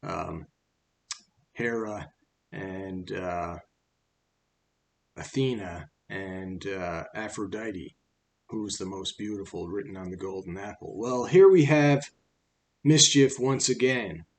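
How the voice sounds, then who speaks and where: A man's voice: deep voice, slow, long pauses. A man casually retelling a fable in a rambling, conversational way with fillers. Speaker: storyteller.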